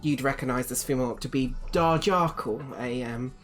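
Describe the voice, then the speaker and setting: A woman's voice: very deep voice, fairly quick, soft background music. A woman narrating as game master of a tabletop game, rambling with many fillers.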